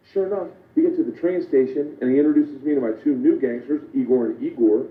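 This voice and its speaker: A man's voice: medium pitch, fast, hardly any pauses, a little hiss or hum. A man telling a stand-up story to a live audience, brash and profane, often laughing at his own punchlines. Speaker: stand-up comedian. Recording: tinny phone-like echoey live recording.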